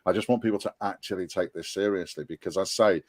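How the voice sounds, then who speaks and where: A man's voice: low voice, fast talker, darkish tone, dry recording. Earnest Scouse man in his fifties. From Liverpool and North Wales. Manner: earnest, rambling, with frequent restarts and ums. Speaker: podcast guest, fan board applicant. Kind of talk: casual podcast chat.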